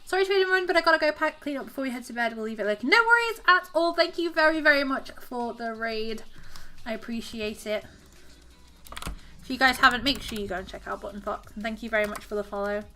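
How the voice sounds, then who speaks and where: Southern English woman, chatty and giggly, with a sharp, bright tone. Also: fairly high pitch, animated, fairly quick. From southern England. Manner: chatty, giggly, talks to her cat and reads chat aloud. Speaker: craft streamer. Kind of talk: casual live-stream chat while crocheting.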